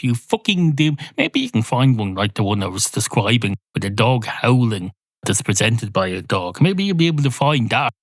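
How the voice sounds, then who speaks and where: A man hosting a rambling solo comedy podcast, deadpan and absurd, swearing at imagined listeners. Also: medium pitch, no echo. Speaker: podcast host.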